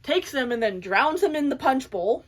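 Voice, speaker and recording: A young adult woman casually recapping a book's plot in a chatty, animated way full of fillers. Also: high voice, normal speed. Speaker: book reviewer.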